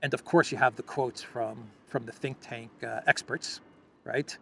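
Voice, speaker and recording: Gravelly sarcastic male news commentator. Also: medium pitch, steady tone, moderate pace, pushed and bright, a little hiss or hum. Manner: sarcastic, scoffing, restarts his phrases often. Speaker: host.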